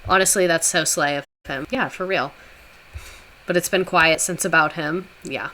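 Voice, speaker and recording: A woman's voice: low-pitched, moderate pace, bright, forceful tone, a little hiss or hum. A woman livestreaming a casual history talk, chatting with viewers in a sarcastic, chatty way with swearing asides.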